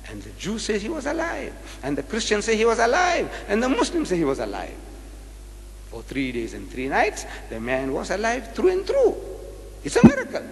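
A man's voice: high voice, fairly bright tone. An older man giving a public lecture, hammering home points with repeated rhetorical questions. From South Africa. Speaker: religious debater. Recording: echoey hall recording.

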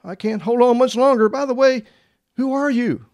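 A man yelling as a panicked man hanging off a cliff. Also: extremely high pitch, moderate pace, pitched above the performer's own voice. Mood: frantic. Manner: frantic, yelling for help.

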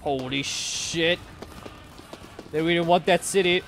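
A young man commenting on his strategy game as he plays, excitable and swearing, swinging from low mutters to sudden shouts. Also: moderate pace, faint music behind. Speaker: gaming streamer.

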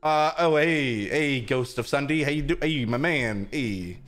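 A young man giving animated, goofy commentary while he plays a video game. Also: mid-range voice, measured pace, soft background music. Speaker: gaming video host. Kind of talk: excited gameplay commentary.

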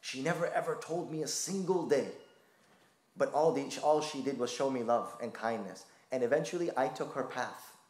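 A man's voice: mid-range voice, normal speed, a little mellow, reverberant. A man preaching a sermon, telling a personal story with passion. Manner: impassioned storytelling.

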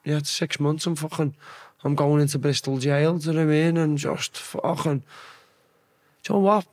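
A man's voice: fairly high pitch, fairly even intonation, normal speed, darkish tone. A young man with a Scouse accent, a podcast guest telling rambling, sweary stories with acted-out quotes. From Liverpool. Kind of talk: casual storytelling chat.

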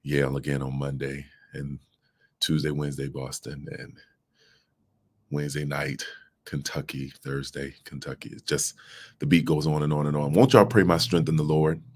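A man's voice: rumbling low, flat delivery, normal speed. A man in his late thirties, a pastor giving a livestreamed devotional talk from an office into a phone, speaking in a preacher's cadence and calling out to his audience. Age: late 30s. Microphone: mobile phone.

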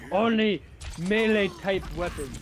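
A gamer giving casual commentary while playing, excitable, yelping and groaning at every setback. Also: medium pitch, extremely slow. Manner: excitable, yelps and groans at each death. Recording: noisy with keyboard clicks.

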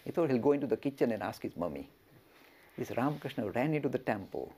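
A male religious lecturer telling a story in an expressive way and speaking directly to his listeners. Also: medium pitch, fast, slight background noise.

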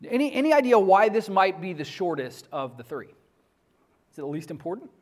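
High-voiced man teaching a class. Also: big pitch swings, normal speed. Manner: conversational, asks the class questions. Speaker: church history teacher. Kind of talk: classroom lecture.

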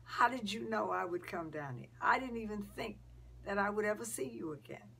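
A woman's voice: medium pitch, expressive, a little fast, gravelly, pushed and bright, breathy edge, heavily acted. Woman voicing an earnest, guarded heroine. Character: cautious young woman photographer.

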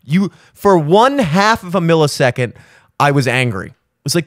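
Young guy rambling thru a story on his podcast, kinda high voice, dead dry sound. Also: very animated, moderate pace, no echo. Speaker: podcast host. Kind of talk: solo casual chat. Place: home studio.

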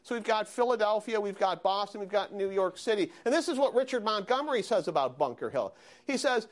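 A man lecturing a university history class, animated and questioning his students. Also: high voice, moderate pace. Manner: animated, asks students questions, frequent "okay?". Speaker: history professor.

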